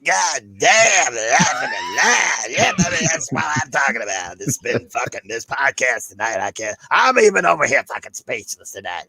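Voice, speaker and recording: A man doing an impression of a loud, gravelly hype man, ranting with excited swearing. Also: medium pitch, normal speed, hardly any pauses, exaggerated voice, low-quality recording. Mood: hyped. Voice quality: gravelly, shouting. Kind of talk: podcast impression bit.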